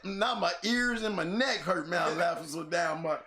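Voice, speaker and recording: High gravelly man laughing through chat. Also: moderate pace, a crowd in the background. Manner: laughing, teary-eyed, profane. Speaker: podcast co-host. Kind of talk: casual chat. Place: on camera under a bright light.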